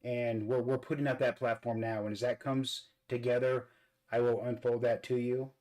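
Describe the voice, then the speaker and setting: A man's voice: mid-range voice, flat delivery, moderate pace, a little mellow, poor audio. A man hosting a casual vlog. He talks earnestly while he does his makeup, and he often repeats words as he searches for them. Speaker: vlog host.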